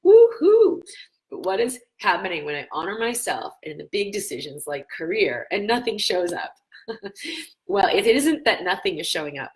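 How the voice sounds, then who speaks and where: A woman in her thirties hosting a wellness show, coaching viewers earnestly and telling a personal story in an animated way. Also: lowish voice, low-quality recording. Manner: animated storyteller, acts out quoted voices; earnest, encouraging, answers viewer questions.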